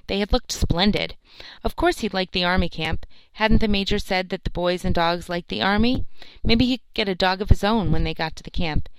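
Smooth-voiced woman reading a story. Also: mid-range voice, normal speed, no room sound, rough recording. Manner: calm, even storytelling. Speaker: audiobook narrator. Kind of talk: scripted narration.

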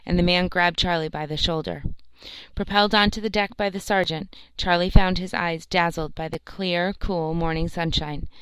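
Woman audiobook narrator; low, clean voice; steady storytelling; close mic. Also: moderate pace, smooth, no room sound, rough recording. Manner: steady storytelling, lightly acts the characters' lines. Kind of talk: scripted narration of a novel, reading every part herself.

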